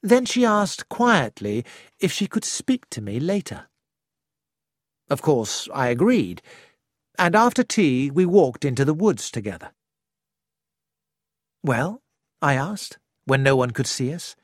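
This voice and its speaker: An audiobook narrator reading a first-person story in a measured, deliberate way. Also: medium pitch, big pitch swings, no room sound, studio quality. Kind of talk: scripted narration.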